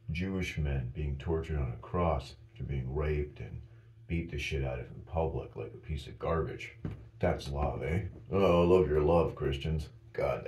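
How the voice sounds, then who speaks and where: A man ranting in a heated, sarcastic and profane way that builds to shouting, with a roomy echo. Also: a bass voice. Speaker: vlogger. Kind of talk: profane rant.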